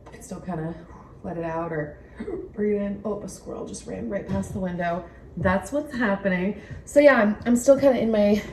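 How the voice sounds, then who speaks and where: A young woman talks to her viewers in a loose, rambling vlog chat, getting excitable as she goes. She sits a little back from the mic, and a faint hum of noise sits under her voice in the room at home. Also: lowish voice, distant mic. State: pregnant, recovering from nausea. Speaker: vlogger. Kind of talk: casual chat to camera. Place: home, indoors by a window.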